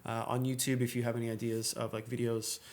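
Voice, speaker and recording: A man's voice: medium pitch, monotone, fast. A young man as a podcast guest, talking in a candid, casual way with lots of swearing and fillers. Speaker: podcast guest, content creator.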